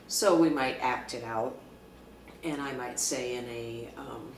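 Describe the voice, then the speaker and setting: A woman working as a clinical social worker, calmly explaining a social skill to camera with frequent fillers. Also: rumbling low, slight background noise. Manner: calm, measured, with frequent fillers. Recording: echoey room, mic at a distance.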